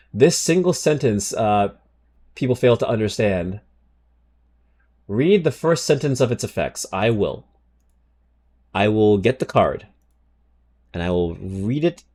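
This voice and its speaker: Animated, cursing male streamer. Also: on the low side. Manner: animated, swears freely, reacts to chat and reads card text aloud. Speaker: streamer chatting with viewers. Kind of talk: casual livestream chat.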